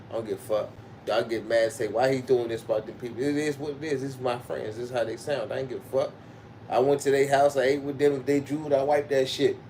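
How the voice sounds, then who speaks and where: A man telling profane school stories on a livestream, swearing freely and breaking into loud laughter. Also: mid-range voice. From Baltimore, Maryland. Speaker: livestream host. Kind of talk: profane storytelling monologue. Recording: distant mic with background noise.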